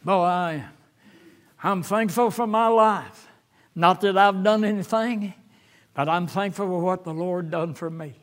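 An older man preaching a sermon as a pastor, halting with fillers, then rising fervently when he quotes scripture. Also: high voice.

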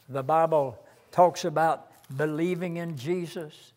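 Older male preacher, unhurried and earnest, voice sitting a bit high. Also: steady tone, a little mellow. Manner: slow, earnest preaching, reciting hymn lines with rising emphasis. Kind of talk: sermon.

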